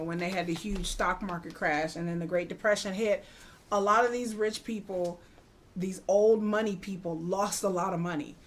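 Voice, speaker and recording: A young adult woman giving a casual, animated TV episode recap in slangy talk, acting out what the characters say. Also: on the low side, slight background noise. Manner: animated, slangy retelling with acted-out quotes. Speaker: TV recap vlogger.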